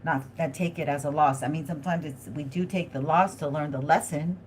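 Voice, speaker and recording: A woman with a fairly low voice hosts a live tarot reading. She talks straight to her viewers and thinks aloud in a chatty, excitable way. A faint hiss of noise sits behind her. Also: brisk. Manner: addresses viewers directly. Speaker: tarot reader hosting a live stream.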